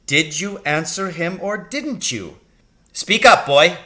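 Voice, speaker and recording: Man voicing a shouting strict schoolmaster, high strained bark, menacing. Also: big pitch swings, slow pace, full character voice. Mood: barking angry. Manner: barking, menacing.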